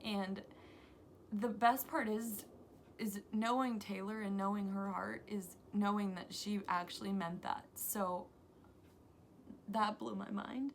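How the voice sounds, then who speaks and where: A young woman vlogger excitedly telling a story to camera, gushing and breathless, full of restarts. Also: mid-range voice, takes it slowly, gravelly, slight background noise.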